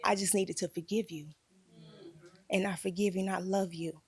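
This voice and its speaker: Gravelly woman fighting back tears. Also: mid-range voice, steady tone, moderate pace, darkish tone, dry recording. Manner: emotional, confessional storytelling. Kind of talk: candid group conversation.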